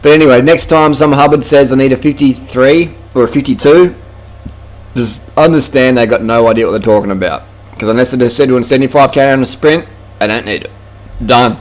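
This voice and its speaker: A man's voice: mid-range voice, brisk. Blunt, swearing Australian man. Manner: blunt, profane, mocking. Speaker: cycling vlogger. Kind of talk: casual rant to camera.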